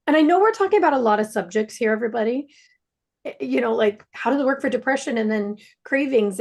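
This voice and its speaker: A woman practitioner telling a client story on a panel, lively and animated. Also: vocal fry. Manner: animated storyteller, swings pitch widely.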